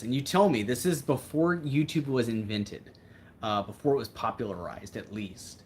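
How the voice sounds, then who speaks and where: A man's voice: mid-range voice, moderate pace, darkish tone, a little hiss or hum. A man hosting a livestream, chatting casually in a rambling, reflective way. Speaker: livestream host.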